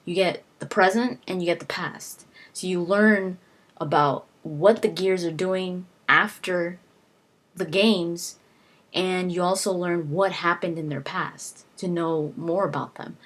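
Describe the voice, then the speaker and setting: Low-voiced woman rambling through a plot summary. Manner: rambling, many restarts and "like". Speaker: video book reviewer. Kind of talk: casual spoken plot summary.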